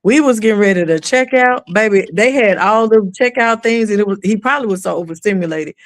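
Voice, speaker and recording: Woman, animated storyteller, acts out voices, dry close sound. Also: mid-range voice, a little fast, no room sound. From East Texas. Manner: animated, acts out quoted voices, drops into a whisper when quoting. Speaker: mother of an autistic son, guest. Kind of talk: casual storytelling on a podcast.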